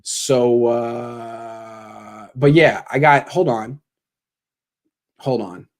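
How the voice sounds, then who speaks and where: A man's voice: mid-range voice, steady tone, very slow. A young man hosting a postgame live stream, joking sarcastically and answering donations, his voice cracking when he gets worked up. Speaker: sports show host.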